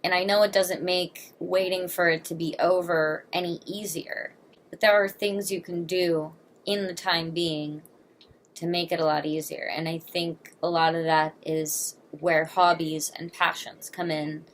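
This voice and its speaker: A woman's voice: lowish voice, steady tone, a little slow. A woman in her twenties talking earnestly and candidly to camera in a personal confessional vlog, emotional and blunt. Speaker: vlogger.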